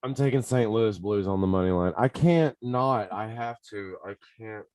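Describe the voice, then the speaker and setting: A man hosts a casual sports betting podcast, his voice sitting on the low side. He talks straight to his listeners in an excitable, chatty way. The sound is dry and close, with no room around it. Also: moderate pace, no echo. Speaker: podcast host.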